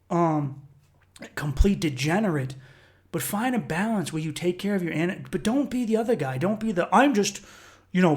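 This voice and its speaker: A man's voice: high voice, darkish tone. A man hosting a solo podcast, talking in a rambling, reflective and profane way. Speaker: podcast host. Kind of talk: casual solo podcast monologue.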